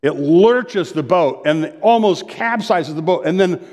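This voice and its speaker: A middle-aged man and pastor preaching a conversational sermon, telling stories in an animated way and often interrupting himself. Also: fairly high pitch, measured pace, big-room sound. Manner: animated storytelling, self-interrupting.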